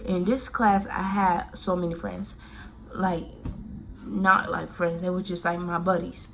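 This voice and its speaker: A woman's voice: on the low side, little pitch movement, a little slow, a little hiss or hum. A woman from Miami telling a personal story in a casual, rambling way, full of fillers and restarts. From Miami, Florida.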